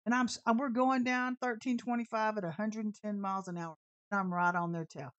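A woman's voice: medium pitch, steady tone, a little fast, no echo, highs cut off. A woman preaching an informal sermon full of storytelling, talking in a brash, sassy and emphatic way.

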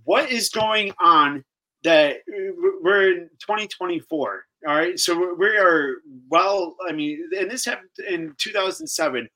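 A man speaking as a guest on a live talk show, halting and repeating himself, a little flustered. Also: high-pitched, pushed and bright, rough recording.

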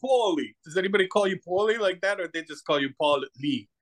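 A man's voice: high-pitched, fast talker, a bit bright. A man, a guest who hosts horror shows and makes masks, talking on a video call in a playful, rambling, self-mocking way. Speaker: guest, horror host and mask maker. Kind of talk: joking interview banter.

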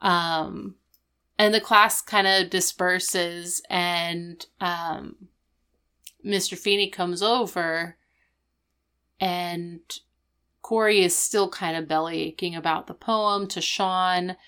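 Smooth low-voiced young woman, chatty. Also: slow pace. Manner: animated storytelling, acting out the characters' lines; chatty, with many fillers like "like" and "um". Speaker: podcast co-host. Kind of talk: casual chat recapping a TV episode.

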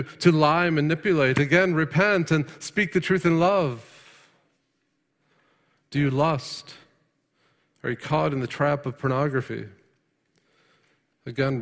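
A man preaching a sermon, firing rhetorical questions and swinging from emphatic peaks to quiet, hushed lines. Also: mid-range voice. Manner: rhetorical questions, rising to emphatic then dropping soft. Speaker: pastor. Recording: long hall reverb.

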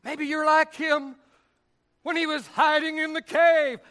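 High, bright-voiced preaching man. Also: little pitch movement, unhurried. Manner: impassioned, often shouting. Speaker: pastor. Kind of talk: sermon.

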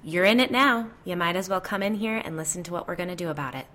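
A woman's voice: lowish voice, fast talker, a bit bright, slight background noise, lightly acted. A woman doing a blunt, grave psychic. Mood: firm. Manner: blunt, commanding. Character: blunt middle-aged female psychic.

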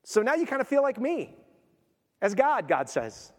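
Male pastor, high voice, emphatic sermon, long hall reverb. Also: wildly swooping pitch, normal speed. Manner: emphatic, swings from quiet to loud.

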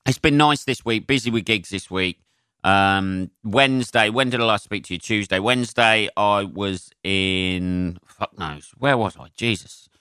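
A man's voice: on the low side, unhurried, bright, forceful tone, clear, resonant tone, dry recording. A man, a comedian hosting his own podcast, chatting on his own in a rambling, sweary way with lots of ums, close to the mic. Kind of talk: casual solo podcast monologue.

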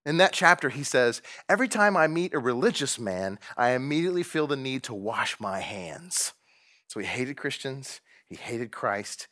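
A man delivers a sermon in a bright, forceful voice. He is dramatic, acts out the lines he quotes and swings from loud to hushed. His pitch sits in the middle range for a man. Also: lively intonation, moderate pace. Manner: dramatic, acts out quotes, varies loudness widely. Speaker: preacher. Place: room with a painting behind him.

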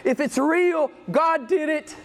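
A man's voice: very high-pitched, takes it slowly. A man preaching a sermon in a church, impassioned and emphatic, repeating his phrases. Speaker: pastor.

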